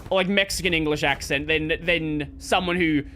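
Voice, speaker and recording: A man's voice: on the high side, normal speed, bright, forceful tone. A man from Australia, rambling and swearing casually as he comments on his own gameplay. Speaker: gaming streamer.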